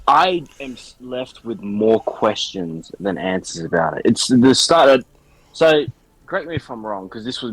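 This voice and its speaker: A man's voice: lowish voice, slightly rough, dry recording, low-quality recording. A man co-hosting a podcast, telling a story in a rambling, self-mocking way. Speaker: podcast co-host. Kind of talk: casual chat.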